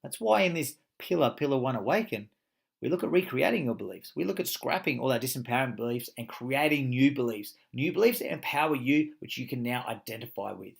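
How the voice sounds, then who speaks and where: A man's voice: mid-range voice, lively intonation, fairly quick, vocal fry. A man teaching a motivational coaching course, speaking emphatically, swearing freely and firing rhetorical questions.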